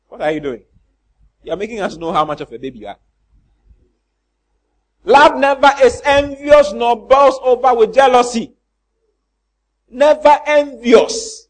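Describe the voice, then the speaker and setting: Animated pastor, high voice. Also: male voice, a little slow, long pauses. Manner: animated preaching with rhetorical questions to the congregation; mimics church members in comic voices. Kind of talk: sermon.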